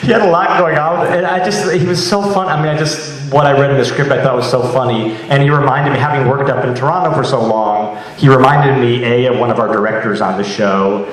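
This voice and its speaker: A man being interviewed as an actor, chatting casually and telling animated stories with frequent laughs and restarts. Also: medium pitch, fairly quick, few pauses. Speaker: actor and guest. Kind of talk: casual chat. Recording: echoey room, distant mic.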